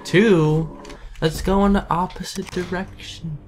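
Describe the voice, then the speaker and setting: A man's voice: high-pitched, fairly even intonation, measured pace, a little mellow. A man giving casual horror gameplay commentary, jumpy and swearing, taunting enemies as he plays. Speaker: let's play gamer. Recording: keyboard typing noise behind.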